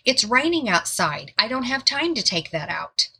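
A woman quoting a short-tempered man who snaps impatiently at his wife, in a husky voice. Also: a little high, big pitch swings, normal speed, sharp tone, full character voice. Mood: angry. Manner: snapping, impatient.

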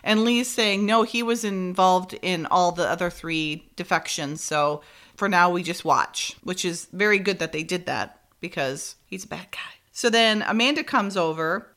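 A woman co-hosting a podcast, chatting through an episode recap with lots of laughs and fillers. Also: lowish voice. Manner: animated, giggly, many fillers. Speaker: podcast co-host.

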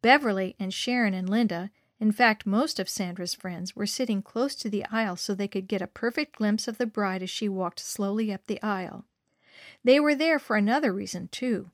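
A woman reading a story aloud in scripted narration, measured and expressive. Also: mid-range voice, no echo, studio quality.

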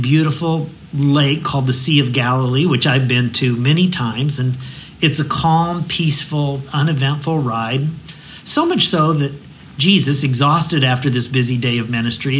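A man giving a devotional sermon as a pastor, telling the story vividly and slowing into a hushed prayer. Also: medium pitch, slight background noise, poor audio.

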